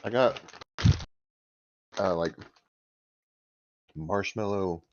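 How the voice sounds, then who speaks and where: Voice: low voice, extremely slow, lo-fi sound, a little hiss or hum. A tabletop game player in casual chat, teasing the group and laughing often.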